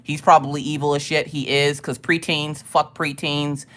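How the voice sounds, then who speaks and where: A woman chatting casually on her live stream, telling stories in an animated, profane way and laughing often. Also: deep voice, normal speed.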